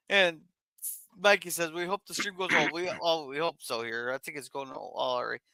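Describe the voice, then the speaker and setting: A man hosting a casual livestream, reading viewer messages aloud in a chatty, halting way. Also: a little high, gravelly, bright, forceful tone, dry recording. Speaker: stream host reading chat.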